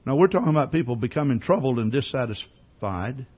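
A man's voice: medium pitch, lively intonation, a little fast, breathy edge, dull audio. A man preaching a sermon in a conversational way, asking many rhetorical questions and often repeating words as he starts a sentence. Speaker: pastor.

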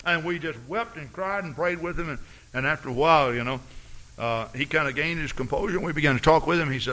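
A pastor preaching a sermon with dramatic storytelling and big swings in loudness. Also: male voice, fairly high pitch, quick pace.

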